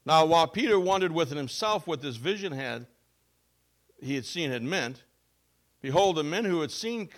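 A man preaching a sermon as a pastor. He reads scripture and explains it with emphasis, going from loud to soft. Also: mid-range voice. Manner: emphatic, with wide swings between loud and soft.

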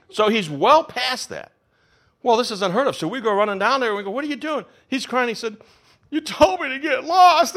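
A man in his fifties delivers a sermon with animated storytelling, acting out the voices of the people in his stories. His voice is bright and forceful. He sits a touch high for a man and swings widely in pitch. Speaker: pastor.

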